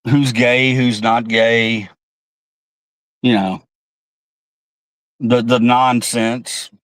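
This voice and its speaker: A man's voice: mid-range voice, little pitch movement, drawn-out words, a bit bright, dry recording, poor audio. A man hosting a political livestream, ranting heatedly with lots of swearing and reading chat comments aloud. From United States. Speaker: livestream host. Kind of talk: angry political livestream rant.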